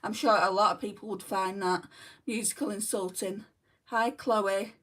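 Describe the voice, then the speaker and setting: A woman's voice: medium pitch, fairly even intonation, normal speed, a bit bright, recorded from a distance. Chatty New Zealand woman on a makeup livestream. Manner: chatty, reads out and answers viewer comments. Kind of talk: casual chat reading live comments.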